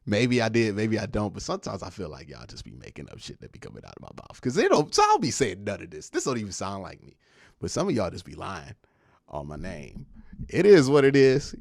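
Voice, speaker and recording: Animated man ranting on a live stream. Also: lowish voice, a little fast, vocal fry, no room sound, clean studio sound. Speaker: streamer reacting to news and chat. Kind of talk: casual live-stream commentary.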